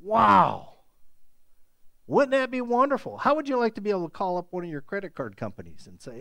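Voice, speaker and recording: Animated man preaching a sermon. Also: sits high, brisk, vocal fry, no room sound. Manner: animated, emphatic, repeats words for stress. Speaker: pastor.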